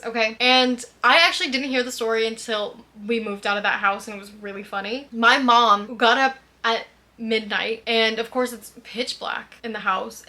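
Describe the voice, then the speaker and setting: Young woman, bright tone, slightly high, chatty gushing storytime vlog, giggly. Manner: gushing, giggly, animated fangirl talk. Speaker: vlogger.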